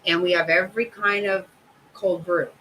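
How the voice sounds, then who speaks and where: A woman's voice: on the low side, steady tone, moderate pace, bright, forceful tone, breathy edge, poor audio. A middle-aged woman hosting a casual chat, profane and exasperated, laughing often. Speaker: host.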